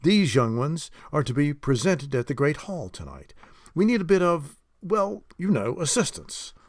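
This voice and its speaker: A man's voice: a little high, very animated, no room sound, studio quality, pitched above the performer's own voice. Merlin, a man doing an old wizard. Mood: courtly. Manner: gracious, lecturing, quick to snap. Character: old wise male wizard, sharp-tongued. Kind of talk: audiobook character voice.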